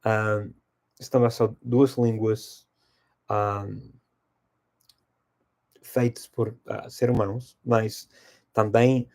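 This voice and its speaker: A man's voice: fairly low pitch, little pitch movement, slow pace, long pauses, a little mellow. A middle-aged man hosting a language-learning channel, casually answering viewer questions and thinking aloud as he goes.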